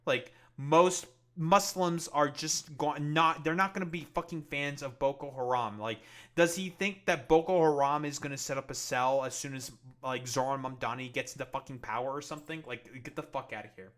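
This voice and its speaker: Furious swearing streamer, bright voice. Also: male voice, mid-range voice, normal speed. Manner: angry, swearing, many fillers. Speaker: political streamer. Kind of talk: profane reaction commentary.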